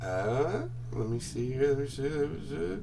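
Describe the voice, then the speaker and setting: A man narrating a tabletop game as game master, relaxed and hesitant, recorded on a distant mic with faint noise. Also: medium pitch, normal speed, gravelly. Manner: laid-back, hesitant narration with fillers.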